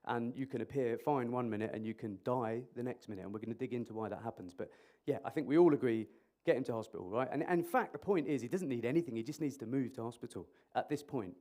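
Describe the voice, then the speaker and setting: This man, speaking as an emergency clinician, has a mid-range voice and a quick pace with hardly any pauses. His interactive talk in a conference hall, delivered over a microphone, is animated and jokey and quizzes the audience.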